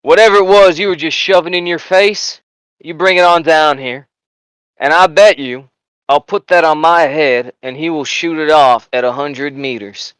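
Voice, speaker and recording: A man voicing a gruff, blunt male army sergeant who talks with a boastful, bullying swagger. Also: a little high, steady tone, moderate pace, fairly bright tone, no echo, lightly acted, rough recording.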